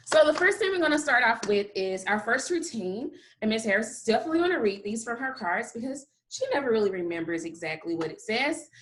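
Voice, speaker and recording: A woman kindergarten teacher with a slightly high, fairly bright voice leads a recorded phonics lesson. She stretches each sound out slowly and in an exaggerated way, one at a time, and praises the children often with upbeat encouragement.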